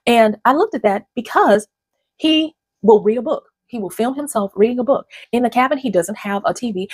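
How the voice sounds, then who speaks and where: A woman's voice: medium pitch, expressive, a little fast, husky, no echo, clean studio sound. A woman hosting her own channel, talking to camera in a conversational, digressive way and often restarting her sentences. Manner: conversational and digressive, with frequent restarts and repeated words. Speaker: channel host. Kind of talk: casual talking-head commentary.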